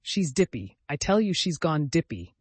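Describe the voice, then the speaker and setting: A man's voice: a little high, lively intonation, moderate pace, no echo. A man doing a blustering, snorting old uncle. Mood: angry. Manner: snorting, indignant. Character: blustering older uncle, quick to anger.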